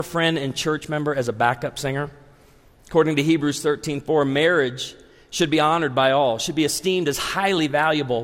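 A man's voice: fairly high pitch, in a large hall. Humorous pastor in his forties. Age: 40s. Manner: animated, humorous storytelling. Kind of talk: sermon.

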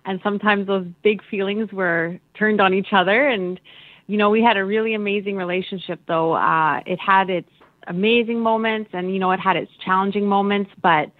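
A woman remembering her father in an interview, candid and animated, a little choked up. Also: mid-range voice, moderate pace, no room sound. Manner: animated, candid, laughing often. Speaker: daughter. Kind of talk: emotional interview. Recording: dry phone-like line.

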